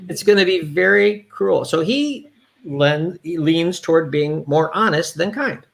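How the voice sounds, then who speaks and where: A man's voice: a little high, lively intonation, measured pace, gravelly. A man, a yoga therapist, chatting candidly as an interview guest with many restarts. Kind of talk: casual conversational interview.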